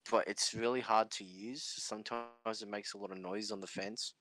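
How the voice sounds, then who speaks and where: A man's voice: lowish voice, fairly even intonation, normal speed, fairly bright tone. A young man hosting a podcast, telling stories in a rambling, swear-filled casual chat with frequent laughs. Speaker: podcast host.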